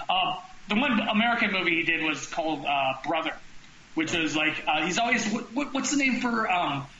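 A man's voice: high-pitched, expressive, roomy sound, muffled recording, crowd noise. A man hosting a podcast in casual chat, rambling and restarting his sentences often. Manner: rambling, halting with many restarts. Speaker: podcast host.

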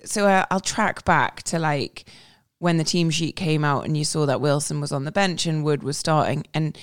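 A woman's voice: deep voice, normal speed, no echo, clean studio sound. A woman co-hosting a podcast, chatting casually about football in a rambling way with many fillers. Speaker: podcast co-host. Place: recorded in person with co-hosts.

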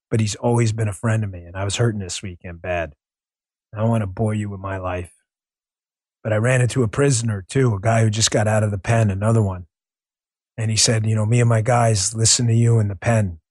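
A man's voice: on the low side, darkish tone, no room sound, studio quality. A man hosting a political talk show, speaking bluntly and earnestly and swearing freely. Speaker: podcast host.

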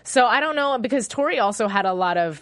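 A woman co-hosting a casual chat about a TV show, animated and self-deprecating, often trailing off and restarting. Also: fairly high pitch, quick pace, no echo. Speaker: podcast co-host.

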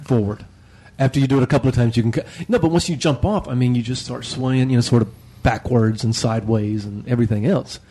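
Mellow-voiced man telling a rambling story. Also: mid-range voice, quick pace, few pauses, husky. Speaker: podcast guest. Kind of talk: casual roundtable chat.

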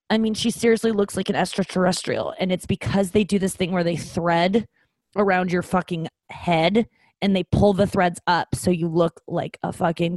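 A woman in her thirties with a lowish, slightly mellow voice and no echo hosts her own comedy show. Her monologue is casual, candid, and self-deprecating, sprinkled with swearing and plenty of ums.

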